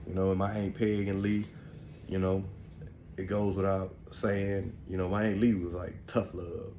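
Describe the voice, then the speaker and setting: A man's voice: sits low, flat delivery, normal speed, mellow, slight background noise. Laid-back man telling family stories. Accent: African American Vernacular English. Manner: laid-back, rambling, full of "man" and "you know". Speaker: podcast host. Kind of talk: casual storytelling monologue.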